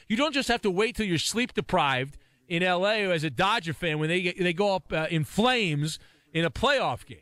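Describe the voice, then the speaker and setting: A man hosting late-night sports talk radio, ranting brashly and talking fast. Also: high-pitched, lively intonation, pushed and bright, no echo. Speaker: radio talk show host. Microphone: studio mic.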